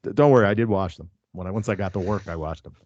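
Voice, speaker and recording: A man's voice: sits low, rapid-fire, a little mellow, no echo, lo-fi sound. A man hosting a podcast, telling a crude story in casual chat. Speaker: podcast host.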